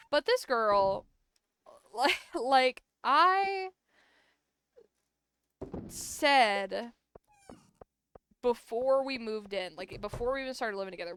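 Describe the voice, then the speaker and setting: A woman's voice: fairly high pitch, a bit bright, clear, resonant tone, no echo. Chatty young woman streamer. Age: young adult. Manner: chatty, says "like" a lot, yawns between stories. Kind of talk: casual storytelling while gaming.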